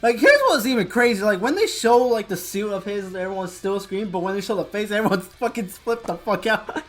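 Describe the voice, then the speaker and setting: High-voiced young man, casual banter. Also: animated, brisk, a bit bright. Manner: laughs often, swears casually. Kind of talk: casual chat.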